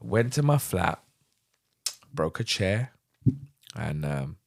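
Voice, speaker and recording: Low and creaky, this middle-aged London man takes his time as a podcast guest candidly retelling a personal story. He's animated and vivid throughout, acting out the dialogue.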